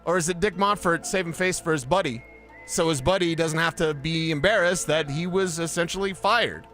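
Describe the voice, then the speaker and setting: A man from Colorado co-hosting a sports talk radio show, animated and theorizing, acting out quotes into a studio microphone. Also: fairly high pitch, moderate pace, faint music behind.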